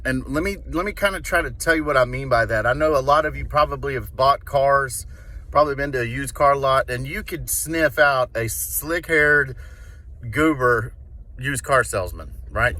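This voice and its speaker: Man training door-to-door reps: punchy, bright, swears a bit, keeps asking "all right?". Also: medium pitch. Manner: emphatic, checks in with "okay?" and "all right?"; casual, swears now and then. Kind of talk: instructional talk.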